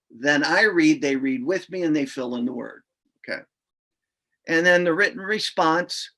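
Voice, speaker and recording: A middle-aged reading instructor explains lesson procedures informally, sounding out letters aloud along the way. His voice is on the high side and a bit bright, with vocal fry.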